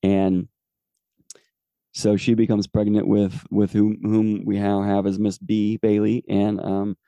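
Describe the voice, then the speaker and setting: A man's voice: on the low side, completely flat delivery, slow, dark tone, no echo, dull audio. A man in his forties, a podcast host telling a personal faith testimony in an earnest, rambling way with many fillers. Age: 40s.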